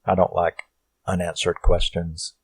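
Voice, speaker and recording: Man, deep low voice, dry close sound, casual rambling horror film recap, swears a lot. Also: flat delivery, a little slow, husky, no room sound, low-quality recording. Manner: rambling, profane, self-questioning asides.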